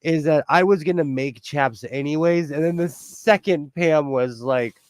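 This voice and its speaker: Southern Californian man, chatty livestream host, slightly high voice, dry close sound. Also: unhurried, a little mellow, no room sound. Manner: chatty, laughs often, talks back to chat. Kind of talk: casual livestream chat. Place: home sewing room.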